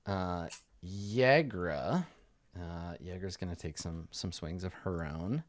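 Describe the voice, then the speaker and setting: A man's voice: low-pitched, slow pace, no echo. A man running a tabletop game as dungeon master, narrating the action vividly with many fillers.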